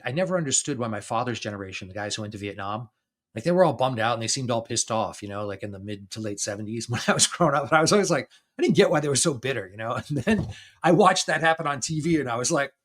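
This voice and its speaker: A middle-aged man in his fifties talks loosely on his own podcast, pitched right in the middle of the male range. He keeps chuckling between phrases and often restarts or doubles his words as the stories tumble out. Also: lively intonation, fast talker, fairly bright tone. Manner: chatty storytelling, laughs often between phrases. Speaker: podcast host. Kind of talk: casual conversation.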